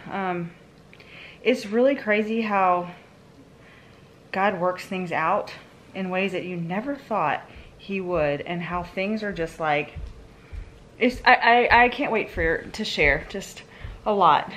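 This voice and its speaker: A woman's voice: mid-range voice, a bit bright, a little hiss or hum. A middle-aged woman and mother chatting casually and upbeat at home for a family vlog, rambling from one thing to the next.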